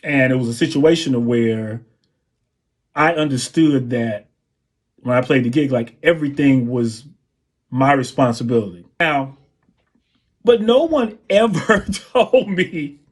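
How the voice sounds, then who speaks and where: A man, a drummer and guest on an interview show, telling anecdotes in a relaxed way and scatting drum patterns. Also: mid-range voice, unhurried. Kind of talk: interview storytelling.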